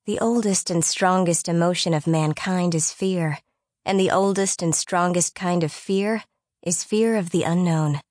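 A woman narrating a children's storybook audiobook in a measured, suspenseful way. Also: lowish voice, a little mellow, dry recording, studio quality.

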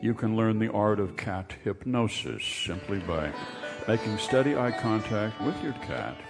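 A man doing a brisk ad pitchman. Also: lively intonation, over music. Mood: selling. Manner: brisk salesman patter. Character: eager male ad pitchman. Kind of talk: mock radio commercial.

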